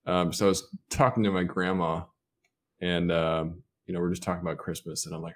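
Podcast co-host, man with a lowish voice, easygoing anecdote teller. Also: fairly quick, slight background noise. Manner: relaxed storyteller, laughs while telling. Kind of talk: casual chat.

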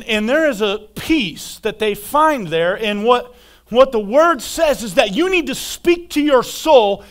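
High-voiced, slow-preaching male pastor. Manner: animated, acting out quoted voices, repeats words. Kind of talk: sermon.

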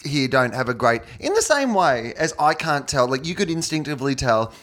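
A man with an Australian accent, a comedian guest chatting and telling animated stories with frequent laughs. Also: medium pitch, fairly quick. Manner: animated storyteller, laughs often. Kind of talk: casual podcast chat.

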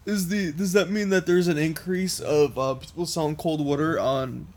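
A man's voice: fairly high pitch, fairly even intonation, moderate pace, a little mellow. Laid-back man asking short questions. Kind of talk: casual podcast chat.

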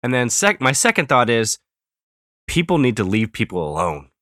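A man's voice: medium pitch, huge pitch swings, normal speed, sharp tone, no room sound, studio quality. A man co-hosting a podcast in casual chat, blunt and jokey in his opinions. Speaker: podcast co-host.

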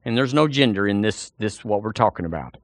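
A man's voice: fairly low pitch, animated, brisk, no room sound, clean studio sound. A man preaching a sermon in a folksy, conversational way, talking straight to the congregation and often repeating himself.

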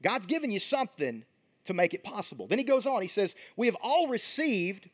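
A man preaching a sermon as pastor, in an animated, conversational way with frequent restarts. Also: high voice, a little fast, slightly rough.

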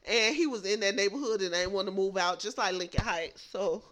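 Young woman co-host, casual chat, an animated and profane storyteller who laughs often. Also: mid-range voice, brisk. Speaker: podcast co-host.

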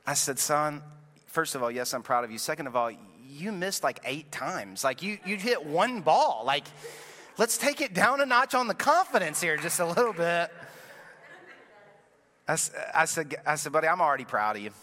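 A man's voice: fairly high pitch, sing-song, moderate pace, pushed and bright. A man in his thirties preaching a sermon as a pastor, telling a family story in a loose, self-deprecating way. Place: church sanctuary. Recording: long reverb from a large room.

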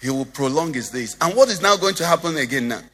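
A man preaches in a lively, swooping sing-song voice, his tone bright and a little husky. He keeps turning to the congregation with questions, and his words ring out with the long reverb of a church hall. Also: a little high, fast, soft background music. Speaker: pastor. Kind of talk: sermon.

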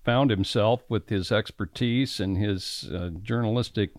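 Low, folksy radio host with dry sound. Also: male voice, dry recording. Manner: folksy and halting, with many fillers. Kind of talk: conversational radio interview.

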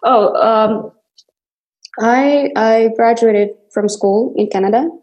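A woman's voice: on the high side, slow pace, darkish tone, muffled recording. A young adult woman from Kazakhstan, an actress being interviewed, telling stories animatedly with many restarts and bursts of laughter. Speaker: actress guest. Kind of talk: casual interview conversation.

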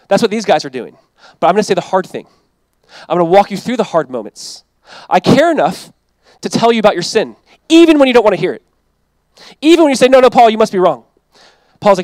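High-voiced man preaching a sermon. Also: sing-song, fast, long pauses, darkish tone, no room sound, poor audio. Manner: conversational, emphatic preaching with quoted asides. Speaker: pastor.

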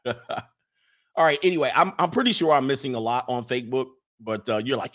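A man livestreaming a casual, sarcastic rant, swearing, laughing often and mocking others in a high voice. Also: normal speed, fairly bright tone. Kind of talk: casual ranting monologue.

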